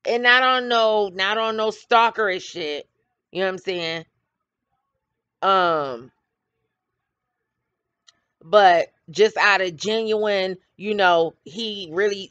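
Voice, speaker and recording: A woman's voice: medium pitch, slow pace, long pauses, a bit bright, clean tone, dry recording. A middle-aged woman hosting casual gossip commentary, blunt and trash-talking, laughing often. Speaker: commentary channel host. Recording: dull lo-fi dry sound.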